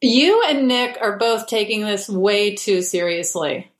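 A woman hosting a comedy advice podcast from home over a video call, reading listener letters in a dry, deadpan way. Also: medium pitch, unhurried, echoey room. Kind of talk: casual comedic chat.

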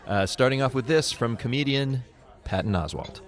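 A man's voice: medium pitch, animated, moderate pace. A man co-hosting a podcast, giving dry, brief replies and then telling a joke. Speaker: podcast co-host.

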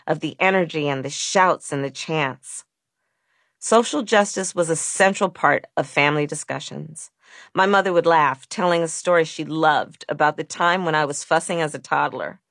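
A woman's voice: low voice, fairly bright tone, no room sound, clean studio sound. Woman reading her own audiobook. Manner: measured, earnest reading. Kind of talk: audiobook narration.

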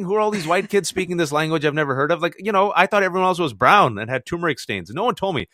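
A man in his forties from the United States, telling childhood stories as an interview guest, lively and acting out family members' voices. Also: quick pace, few pauses, no echo, clean studio sound. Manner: lively, acts out family voices with big jumps in pitch. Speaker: guest author. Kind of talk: animated storytelling in an interview.

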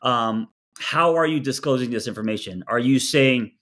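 Guy coaching a couple in a session, earnest, gets animated, repeats his words a lot. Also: mid-range voice, measured pace. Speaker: relationship coach.

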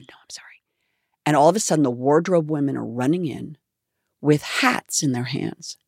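A woman's voice: a bass voice, gravelly, husky, dry recording, clean studio sound. A woman guest in a radio interview, telling an anecdote with animation and acting out quotes. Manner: animated storyteller, acts out quotes.

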